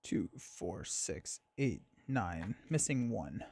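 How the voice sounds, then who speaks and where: A man's voice: deep voice, very animated, takes it slowly, creaky, darkish tone, breathy edge, dry recording. A man hosting a live stream, chatting casually and thinking aloud, with frequent fillers and restarts.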